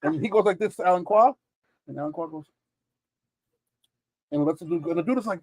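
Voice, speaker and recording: Animated high-voiced man hosting a stream. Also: fairly quick, long pauses, no echo, rough recording. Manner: animated storyteller, swears freely. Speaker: comic shop stream host. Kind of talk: casual live auction chat.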